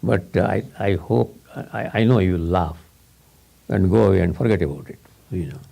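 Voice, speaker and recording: A man's voice: deep voice, normal speed, creaky, dark tone. A man giving a rambling, informal talk to a small audience, repeating words and laughing often.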